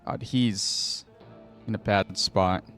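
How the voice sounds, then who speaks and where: A male gaming host talks through his play in a relaxed commentary, half to the audience and half to himself. His voice sits on the low side and his pace is slow and easy, with quiet asides as he plans each move. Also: soft background music. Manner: muttering to himself, thinking aloud. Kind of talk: casual gameplay commentary.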